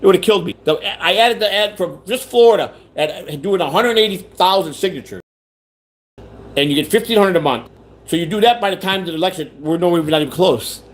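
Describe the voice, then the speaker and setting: Hosting a rambling livestream chat, a man repeats himself, restarts sentences and reads viewer comments aloud. His voice sits high and sounds expressive, moving a little fast.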